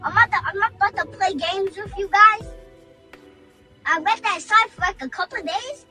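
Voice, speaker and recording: A woman's voice: extremely high pitch, normal speed, bright, forceful tone, faint music behind. A young woman in a played viral clip, talking defiantly about not playing games. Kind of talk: defiant rant.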